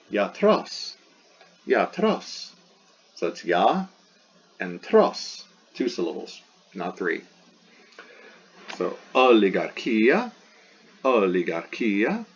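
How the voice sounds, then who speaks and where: A male teacher with a low, husky voice gives a recorded lesson. He goes step by step and says each sound aloud more than once. The recording sounds dull and lo-fi. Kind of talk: recorded classroom lecture.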